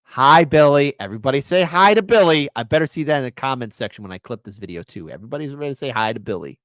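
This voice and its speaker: A woman from Chicago hosts a casual online commentary show with a teasing, mocking delivery. Her voice sits low but leaps around in a lively way. The sound is dry and close. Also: very fast, no echo. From Chicago, USA. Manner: mocking, playful, bouncy delivery.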